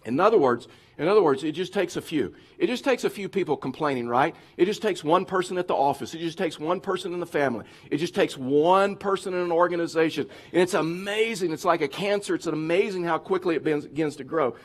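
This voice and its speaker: A middle-aged man preaching as a pastor, lively and conversational, now and then acting out whiny complaining voices. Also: on the high side, fast, few pauses. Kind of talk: sermon.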